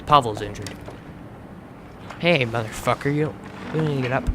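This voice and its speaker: A man's voice: medium pitch, a little fast, a bit bright, a little hiss or hum. An American man hosting a gaming channel, giving chatty let's play commentary as he plays, swearing freely and restarting words. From United States.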